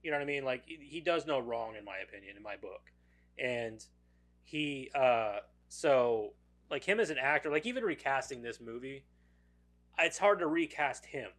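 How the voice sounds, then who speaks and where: A man's voice: medium pitch, animated, moderate pace, fairly bright tone. A man co-hosting a casual movie podcast, enthusiastic, swearing freely and repeating words as he talks. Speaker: podcast co-host.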